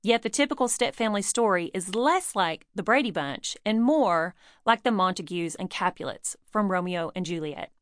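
A woman's voice: medium pitch, animated, normal speed, hardly any pauses, no room sound, clean studio sound. A woman reading her own book aloud in an earnest, personal storytelling manner. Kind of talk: audiobook narration.

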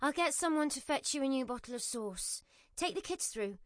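A woman doing a calm, soothing cashier. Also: high-pitched, normal speed, no room sound, clean studio sound, voice pushed up. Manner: soothing and reassuring. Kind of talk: scripted audiobook narration.

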